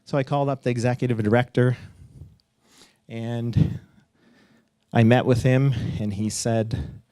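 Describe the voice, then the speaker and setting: A middle-aged man telling a personal story live on stage, animated and swearing at times, leaping up in pitch as he acts out what people said. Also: unhurried, clean tone, no room sound, clean studio sound. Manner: animated, acts out quotes with big pitch jumps, laughs and swears.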